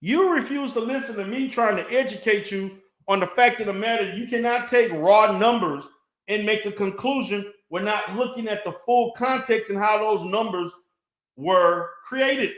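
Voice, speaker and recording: High-voiced man ranting in an echoey room. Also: moderate pace, a bit bright. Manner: profane, mocking, heated. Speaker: online commentator. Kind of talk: ranting response video.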